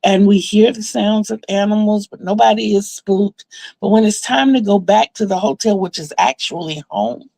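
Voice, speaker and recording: Chatty woman with a gravelly edge. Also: medium pitch, normal speed, no room sound. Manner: chatty and animated, many fillers, laughs while telling. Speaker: crafting vlogger. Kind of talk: casual storytelling about a dream.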